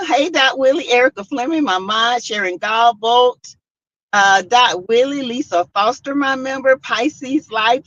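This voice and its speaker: A woman's voice: a little high, fairly bright tone, no room sound. A middle-aged woman, hosting a casual livestream and chatting while greeting her viewers by name. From South Carolina. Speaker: livestream host. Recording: dull lo-fi livestream audio.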